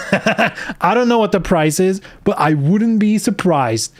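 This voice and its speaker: A man's voice: high voice, animated, takes it slowly. Sarcastic ranting male streamer. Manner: sarcastic, exasperated ranting with frequent swearing. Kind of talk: live stream commentary.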